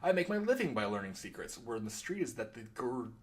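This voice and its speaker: Man voicing a grim informant, hushed steady tone, lively pitch, game dialogue read aloud. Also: fast talker, natural voice. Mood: ominous.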